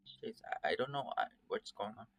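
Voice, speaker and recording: A man's voice: lowish voice, animated, fairly quick, gravelly, soft background music, heavily acted. A man doing a stammering nervous furry creature. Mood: confused. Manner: stammering, hushed, anxious. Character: nervous young male furry creature, jittery and confused.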